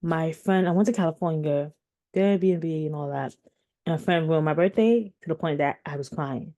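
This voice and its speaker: Talking to her viewers in a warm, low-sitting voice at normal speed, a woman in her thirties gives casual vlog commentary. She rambles, restarting often and using plenty of fillers.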